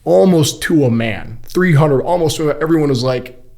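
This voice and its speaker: A man from Kuwait in his thirties, a podcast guest telling stories in a casual, animated way and acting out the quoted voices. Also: fairly high pitch, moderate pace, gravelly. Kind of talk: casual storytelling interview.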